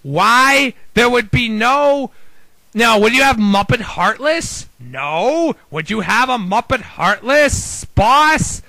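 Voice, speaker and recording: A man's voice: very high voice, expressive, slow pace, pushed and bright, no room sound, poor audio. A man ranting casually about video games, rambling through exasperated rhetorical questions. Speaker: video game commentator. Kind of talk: casual opinion rant.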